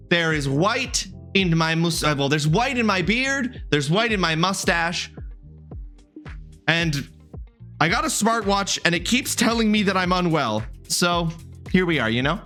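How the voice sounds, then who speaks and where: A man in his thirties talks casually through a live game stream, answering chat and greeting viewers one by one. His voice sits a little high and rings bright and forceful, with soft music faintly playing underneath. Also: sing-song, a little slow. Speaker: livestreamer.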